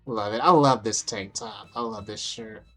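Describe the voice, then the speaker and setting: A woman's voice: very deep voice, moderate pace, fairly bright tone, faint music behind. A young adult woman vlogging casually, brash and profane, amused at herself as she talks through photos. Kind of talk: casual vlog talk over photos.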